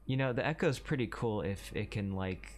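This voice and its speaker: Low-voiced, self-deprecating man streaming. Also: lively intonation, normal speed, slight background noise. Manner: self-deprecating and apologetic, laughing at himself. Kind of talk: casual commentary while gaming.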